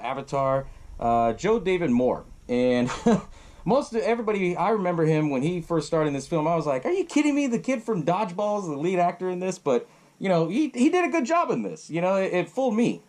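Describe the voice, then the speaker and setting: A man's voice: fairly high pitch, very animated, moderate pace, darkish tone. A man hosting a podcast, casually retelling a horror film and swearing freely while he laughs along. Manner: loose, profane, laughing often. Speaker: podcast host.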